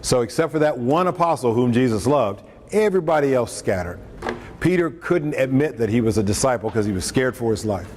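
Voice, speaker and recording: A man's voice: medium pitch, expressive, fairly quick, darkish tone. Guy giving a chatty sermon, jokes thrown in, long echo in a big hall, bit of room noise. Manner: conversational, joking asides, acts out quotes. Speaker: preacher. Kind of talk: lunchtime talk on scripture. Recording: echoey hall, faint room noise, mic at a distance.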